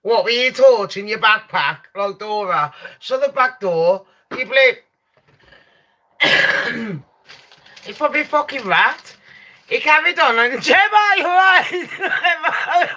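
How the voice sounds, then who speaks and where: Young woman, brash streamer voice, bright and highish, sweary with big laughs. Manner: loud, sweary, laughs and shrieks often. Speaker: live stream host. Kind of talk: casual storytelling to chat.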